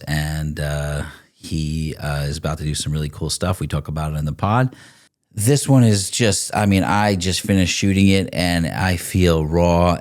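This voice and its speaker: A man's voice: low voice, darkish tone. A man hosting a podcast in casual chat, direct and chatty, pushing his guest to keep talking. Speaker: podcast host.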